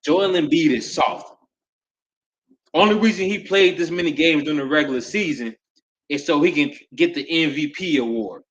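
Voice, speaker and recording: A man hosting a nightly sports talk podcast, ranting loudly with repeated lines and sudden shouts. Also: a little high, normal speed, lo-fi sound. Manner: loud, repetitive hype with sudden shouts.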